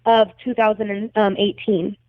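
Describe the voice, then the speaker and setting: In a mid-range voice with flat delivery and a measured pace, a young adult woman tells her story as a podcast guest. The interview is emotional, and she comes across as blunt and agitated, swearing heavily, on a dry, tinny, phone-like recording.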